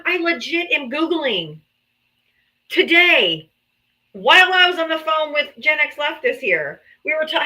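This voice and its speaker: A bright, lively woman hosts a live political talk stream, her voice sitting a touch high and swinging widely. She chats casually and animatedly and swears freely. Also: rough recording. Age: adult mother.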